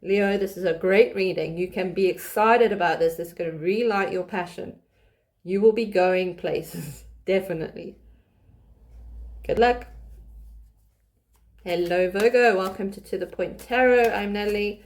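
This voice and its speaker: A woman's voice: medium pitch, a little slow, long pauses, a little mellow. A woman hosting a tarot reading channel, talking casually to camera, with frequent restarts and laughter as she reads the cards. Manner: chatty, restarts often, laughs while reading. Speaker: tarot reader.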